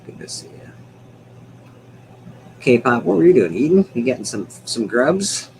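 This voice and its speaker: A man's voice: mid-range voice, very animated, a little slow, vocal fry, a little mellow, slight background noise, low-quality recording. A man hosting a casual livestream chat from home, rambling, laughing often and swearing now and then. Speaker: livestream host.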